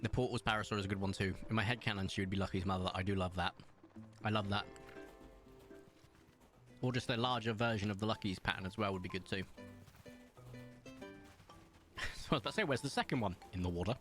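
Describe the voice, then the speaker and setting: A man's voice: fairly low pitch, quick pace, pauses often, fairly bright tone, soft background music. A man from England, chatting casually with his live-stream chat while gaming and laughing often. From southern England.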